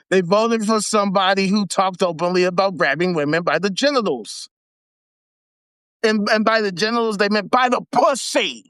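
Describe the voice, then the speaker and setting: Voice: medium pitch, fairly bright tone, no echo. A livestream host giving profane, mocking commentary while reading an article aloud. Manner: profane, mocking, laughs between rants. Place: home setup for a live video.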